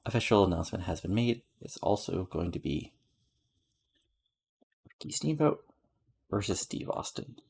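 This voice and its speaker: A man with a low voice narrates a game session in an easygoing, rambling way. His tone is gravelly and a little husky, and he keeps tossing in fillers as he runs through results and scores. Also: expressive, moderate pace, long pauses, darkish tone. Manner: rambling, filler-heavy, lists match ratings. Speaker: game streamer narrating a wrestling booking sim. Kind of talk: casual let's-play narration.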